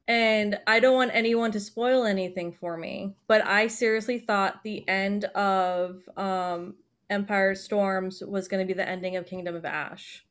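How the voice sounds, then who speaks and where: A young woman co-hosting a casual podcast chat, her voice sitting in an ordinary middle range. She rambles excitedly, tumbling from one thought into the next with quick asides. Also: medium pitch. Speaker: podcast co-host.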